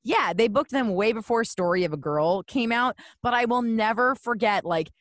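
A woman co-hosting a podcast in casual chat, playful and quick to laugh. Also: on the high side, expressive, no room sound, clean studio sound. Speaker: podcast co-host.

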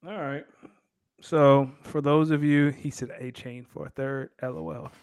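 A man's voice: medium pitch, steady tone, unhurried, darkish tone, smooth, dry recording. A man co-hosting a sports podcast, boasting and ribbing the others in casual banter. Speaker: podcast co-host.

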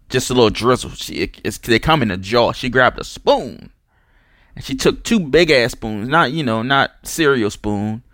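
New guy rambling on his podcast, lowish voice, cussing, lots of you know and restarts, dry close sound. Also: fairly bright tone, dry recording. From New Orleans. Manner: loose, profane, digressive, many restarts and fillers. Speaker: podcast host. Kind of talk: casual rambling monologue.

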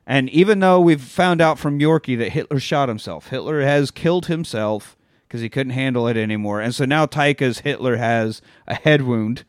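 Animated man retelling a film scene. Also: medium pitch, moderate pace, dry recording, studio quality. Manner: animated retelling, swears freely, acts out quotes. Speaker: podcast co-host. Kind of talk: casual movie recap chat.

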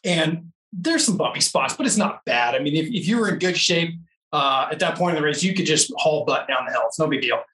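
Male guest, lively storyteller, bright tone, roomy echo, set back from the mic. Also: a little high, fairly quick, recorded from a distance. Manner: animated storyteller, laughs often. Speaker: interview guest, off-road racer. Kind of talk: casual storytelling interview.

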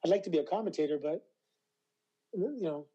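Man from Canada, forties, dark warm voice, lively storyteller, casual interview guest. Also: on the high side, brisk, slightly rough, highs cut off. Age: 40s. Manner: animated storyteller, acts out quoted voices. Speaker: guest, retired wrestler.

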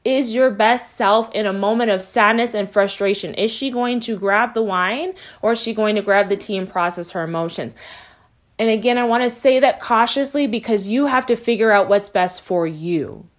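A woman's voice: mid-range voice, normal speed. Reassuring woman podcast coach. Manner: warm, reassuring, repeats key phrases. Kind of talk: encouraging podcast monologue.

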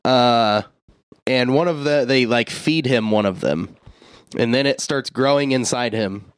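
A man's voice: medium pitch, measured pace, clean tone, dry recording. A man co-hosting a podcast, retelling a film's plot in a loose, profane, joking way and slipping into quoted lines. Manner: loose, profane storytelling that jumps into quoted voices. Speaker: podcast co-host. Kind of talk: casual movie recap chat.

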